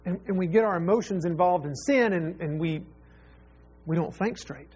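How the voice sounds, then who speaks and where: A man's voice: sits high, normal speed, darkish tone, slightly rough. A man preaching a sermon as pastor, earnest and repeating phrases for emphasis.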